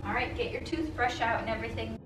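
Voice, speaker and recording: A woman's voice: a little high, steady tone, fast talker, fairly bright tone, reverberant, far from the mic, a little hiss or hum. A mother scolding her daughter in a matter-of-fact way during a family trip. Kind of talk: casual family talk. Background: music.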